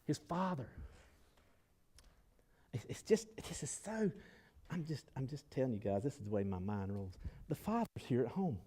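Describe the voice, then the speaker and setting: A male pastor preaching a sermon, swinging between loud emphasis and quiet reflection while calling on the congregation to answer back. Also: medium pitch, very animated, moderate pace, pauses often, slightly rough.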